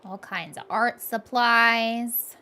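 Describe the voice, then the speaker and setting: A woman's voice: on the high side, takes it slowly, sharp tone, slight background noise. A young woman chatting casually and playfully as she plays a game on a live stream, laughing often.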